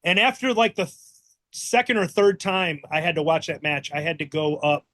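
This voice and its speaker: A man's voice: a little high, lively intonation, moderate pace, fairly bright tone, dry recording. A man hosting a podcast, chatting casually and bluntly, swearing freely. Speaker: podcast host. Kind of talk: casual chat.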